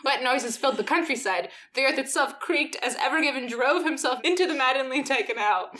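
A woman's voice: high-pitched, animated, fairly quick, fairly bright tone. A woman co-hosting a comedy podcast, reading a story in a mock-sultry way and often giggling. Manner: giggly, mock-sultry narration that breaks into laughter. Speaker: podcast co-host reading fan fiction. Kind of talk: comic dramatic reading.

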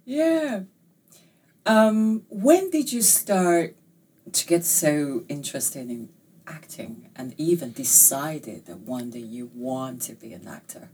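A woman's voice: deep voice, sing-song, slow, darkish tone, slightly rough. Sex: woman. Role: interviewer. Style: casual interview. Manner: laughing, stumbling over words.

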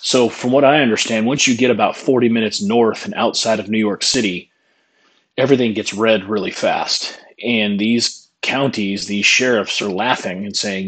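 A man delivers a scornful opinion monologue in a husky, somewhat low voice. He rants and mocks as he talks. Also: moderate pace, a bit bright, rough recording. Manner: scornful, mocking ranting. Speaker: political commentator.

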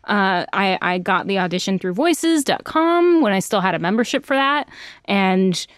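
A woman's voice: medium pitch, very animated, normal speed, smooth, no echo, clean studio sound. A young woman voice actor chatting as an interview guest, bubbly and self-deprecating, laughing often. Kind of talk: casual interview chat.

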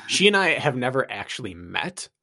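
A man's voice: medium pitch, very animated, moderate pace, gravelly, pushed and bright. A man hosting a running podcast and coaching his guest, talking in a chatty, upbeat way. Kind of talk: casual chat.

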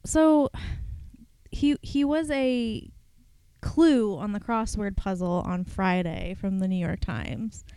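Smooth-voiced playful woman podcaster. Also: medium pitch, slow pace, mellow, no room sound. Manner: playful, tangent-prone storyteller. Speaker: podcast co-host. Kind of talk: casual podcast chat.

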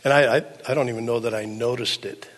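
An older man preaching a sermon as pastor, swinging from hushed, low passages to loud, pleading ones. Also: steady tone, fast talker. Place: church sanctuary. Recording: long hall reverb.

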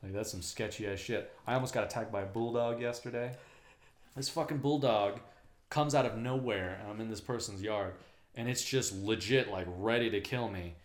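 A man casually telling profane, animated stories about delivering mail, acting out the voices of the people in them. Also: fairly low pitch, normal speed, roomy sound. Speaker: mail carrier. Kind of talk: casual storytelling chat.

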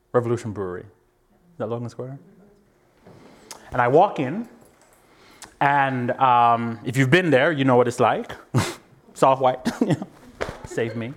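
Speaking in a medium pitch, this man delivers an earnest, animated, reflective talk to the public. He laughs often, checks in with the audience, and at times sinks to a near-whisper to stress a point.

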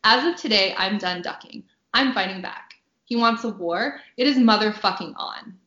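A woman's voice: medium pitch, normal speed, sharp tone, highs cut off. Bubbly woman reading in an echoey room. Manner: bubbly, laughs often, reads with dry punchy delivery. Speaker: author. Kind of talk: reading her novel aloud on a podcast.

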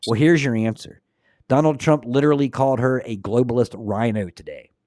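On his Christian livestream show, a man delivers earnest, casual commentary and then prays aloud, tending to repeat words when starting sentences. He speaks fairly quickly in a medium, slightly mellow voice. No echo; studio-quality audio.

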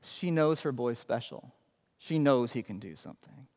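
A man preaching a sermon as a pastor, animated and conversational, asking his listeners questions. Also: medium pitch, moderate pace, in a large hall.

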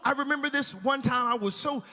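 A man preaching in a church sanctuary, his high, bright voice ringing with a long hall reverb. He tells his story with emotion, rising loud and then dropping to a hush. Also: brisk, faint music behind. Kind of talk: sermon testimony.

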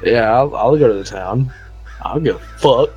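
A brash, foul-mouthed man in casual tabletop game chat, joking at an ordinary pitch. Soft music plays underneath. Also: moderate pace, lo-fi sound. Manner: brash, profane, laughing.

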